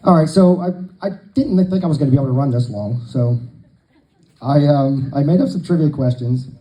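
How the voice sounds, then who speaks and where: A man's voice: mid-range voice, brisk, warm tone, poor audio. A man telling long jokes to a live crowd, a folksy storyteller who acts out the dialogue.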